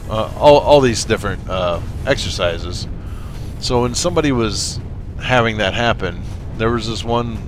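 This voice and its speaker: A man casually commenting on his gameplay, rambling into stories with many fillers and restarts, and talking straight to the viewers. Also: fairly low pitch. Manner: coaching and encouraging, speaks straight to viewers. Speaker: let's play gamer.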